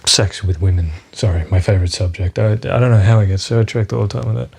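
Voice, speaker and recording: A man hosts a solo podcast in a lowish, creaky, husky voice that is a little mellow, and he talks fast. He rambles and swears freely, drifting off on tangents from one topic to the next and filling the gaps with lots of fillers.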